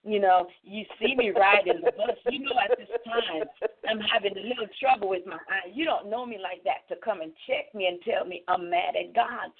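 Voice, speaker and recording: Caribbean lady on a phone line, gravelly, kinda high, telling her story all heartfelt. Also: normal speed, a loud crowd. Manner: earnest, impassioned storytelling. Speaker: author guest. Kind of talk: radio interview.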